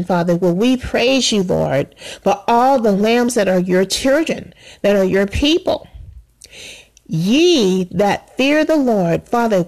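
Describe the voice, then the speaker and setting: A woman praying aloud with fervor, repeating "Father God" between short phrases. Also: on the high side. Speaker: prayer leader. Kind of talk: spoken prayer.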